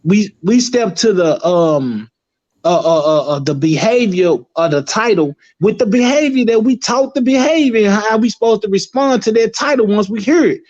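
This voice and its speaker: High-voiced man rambling in casual chat. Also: lively intonation, normal speed, a little mellow. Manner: rambling, emphatic, swears freely. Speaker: guest. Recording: dull lo-fi recording.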